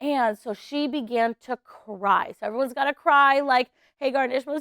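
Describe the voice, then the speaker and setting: Lady doing a bible story for little kids, high smooth voice, dry sound. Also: normal speed, hardly any pauses, no room sound. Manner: animated, storytelling with actions for kids. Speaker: children's ministry teacher.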